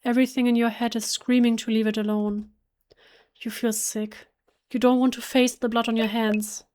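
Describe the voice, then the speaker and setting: A German-native woman plays a horror game and reads its text aloud in English, emotional and hushed, often restarting and correcting herself. Her voice is on the high side with little pitch movement, at a moderate pace.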